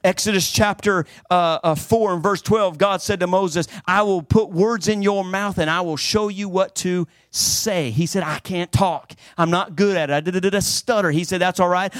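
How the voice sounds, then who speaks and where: Fervent preacher man, higher voice. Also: no room sound, clean studio sound. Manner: fervent, emphatic preaching with sudden swings between loud and hushed. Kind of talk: sermon.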